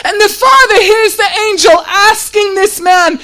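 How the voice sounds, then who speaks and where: High-voiced woman preaching with passion. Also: a little slow, hardly any pauses, bright, forceful tone. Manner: impassioned, often near tears and raising her voice; repeats rhetorical questions. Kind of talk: sermon.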